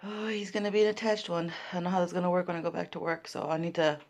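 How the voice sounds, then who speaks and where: A woman's voice: on the low side, flat delivery, rapid-fire, darkish tone. A woman vlogger chatting casually at home, rambling with lots of fillers. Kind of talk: casual vlog chat.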